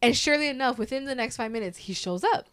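A woman's voice: a little high, expressive, fast, fairly bright tone, smooth. A woman in her thirties telling a story in casual chat. She swears freely and acts out the voices of the people in it. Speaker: podcast host.

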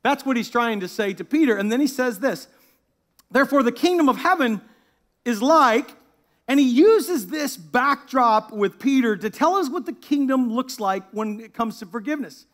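A man with a fairly high voice delivers a sermon as pastor. He preaches with animated energy and laughs at his own asides, then softens to a hushed tone when he reads scripture aloud. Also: moderate pace.

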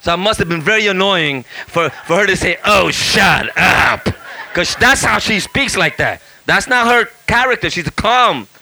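A man in his fifties, a guest pastor preaching a lively storytelling sermon, acting out voices and shouting lines for effect. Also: high-pitched, normal speed, few pauses. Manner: animated, acts out voices and shouts for effect, laughs often.

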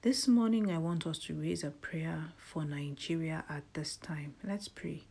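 A woman hosting a morning devotional, praying and reading scripture aloud in a soft delivery that often drops to a breathy half-whisper. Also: deep voice, a little slow, few pauses. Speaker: devotional host.

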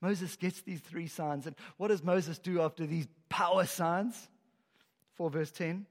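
A man preaching a sermon as a pastor, telling the story in an animated way and acting out the lines he quotes. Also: a little high, measured pace. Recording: echoey hall with long reverb.

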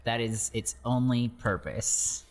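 Chill guy gm narrating the scene real slow, lots of ums and laughs. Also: mid-range voice, background noise. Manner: relaxed, chuckling, loose descriptions with fillers. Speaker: game master. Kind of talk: narrating a tabletop game.

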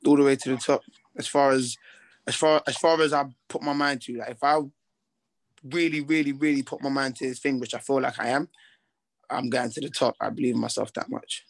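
A young man talks easily about his fights. His voice sits at an ordinary pitch, and he rambles with slang and restarts. He sounds relaxed and sure of himself. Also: fairly quick. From Britain, with Ghanaian heritage. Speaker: boxer, interview guest. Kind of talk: casual interview chat.

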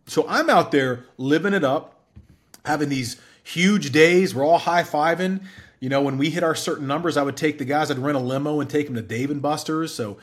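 A man in his forties, a guest in an interview, telling his story in a candid, animated way. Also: a little high, moderate pace. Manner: candid, animated storyteller who acts out quoted dialogue.

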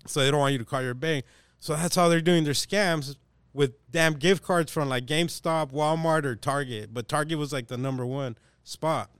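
A man's voice: a little high, normal speed, fairly bright tone, smooth, dry recording. A young man hosting a casual podcast chat, animatedly telling a story in slangy, profane talk and acting out the people in it.

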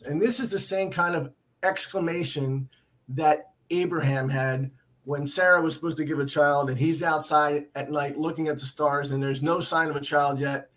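A man's voice: on the high side, moderate pace. A man co-hosting a Christian talk show, teaching from the Bible in an earnest, emphatic way, often restarting and repeating himself. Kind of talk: Bible teaching in casual chat.

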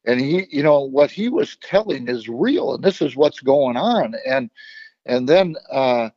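A man who founded a nonprofit speaks in a relaxed, halting way, often pausing on "uh". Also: mid-range voice, dry recording. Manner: relaxed, hesitant, with frequent uh fillers. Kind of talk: casual conversation. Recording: dry, dull lo-fi sound.

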